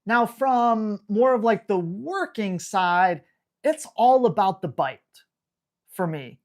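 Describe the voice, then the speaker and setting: A man's voice: high voice, expressive, slow. A man hosting a live dog-training Q&A, talking bluntly and hammering home key words. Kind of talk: live Q&A stream.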